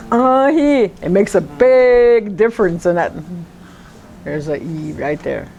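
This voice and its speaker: A woman language teacher giving a classroom lesson, speaking slowly and deliberately and repeating words syllable by syllable. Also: fairly low pitch, animated, creaky, warm tone, muffled recording, a little hiss or hum.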